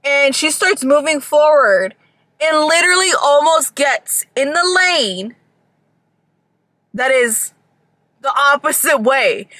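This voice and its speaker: Young woman vlogger, high, bright voice, dry close sound, chatty and animated, swears a lot. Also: no echo. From Georgia. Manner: animated, swearing, acts out people in bursts. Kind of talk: casual storytime chat.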